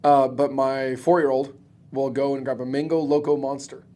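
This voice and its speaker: A man's voice: medium pitch, level tone, moderate pace, warm tone. A man talking bluntly and emphatically in a casual podcast conversation, swearing freely as a guest. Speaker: guest, roofing business owner and coach.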